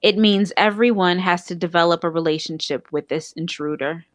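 A woman's voice: lowish voice, moderate pace, dry recording, clean studio sound. Host woman reading a quote. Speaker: podcast host.

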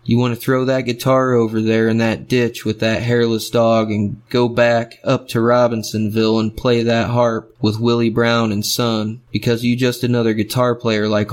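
A man voicing the devil at a crossroads, a tall barrel-chested figure who speaks in a slow, measured, knowing way. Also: mid-range voice, flat delivery, close to an everyday voice. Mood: menacing.

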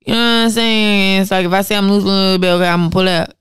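A young woman telling a story as a podcast guest, animated and slangy, swearing freely. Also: mid-range voice, very fast, clean tone, no echo, clean studio sound. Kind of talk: casual storytelling chat.

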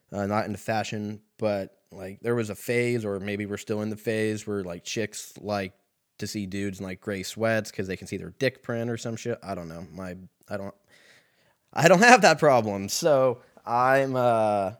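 A young man hosting a podcast, telling a comedic story in a rambling, profane way full of fillers, recorded at a laundromat. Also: lowish voice. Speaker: podcast host.

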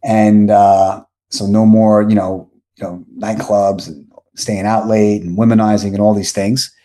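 A man's voice: on the low side, level tone, unhurried, warm tone. A man in his forties from South Florida, a podcast guest telling a long story casually, rambling and correcting himself as he goes.

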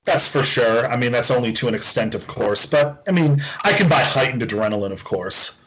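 A man in easygoing podcast talk. He circles his point with plenty of fillers and pauses. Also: medium pitch, animated, a crowd in the background, poor audio. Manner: hesitant, many fillers. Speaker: podcast co-host. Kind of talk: casual chat.

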